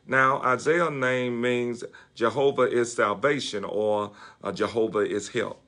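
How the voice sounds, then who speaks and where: A man's voice: lowish voice, unhurried, sharp tone. A man, serving as a bishop and delivering a devotional sermon, speaking with many fillers and repeating key phrases for emphasis.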